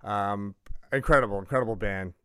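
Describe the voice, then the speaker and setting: Fast-talking low-voiced male podcast host. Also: clear, resonant tone, no echo, studio quality. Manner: rambling, excited questions with many fillers. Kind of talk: casual interview.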